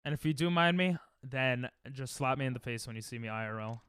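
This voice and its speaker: A man's voice: mid-range voice, brisk, a bit bright, smooth, dry recording. A young man streaming a speedrun at home, rambling and joking with his chat as he plays. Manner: rambling, joking, talks to chat while playing. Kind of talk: casual live-stream chat while speedrunning.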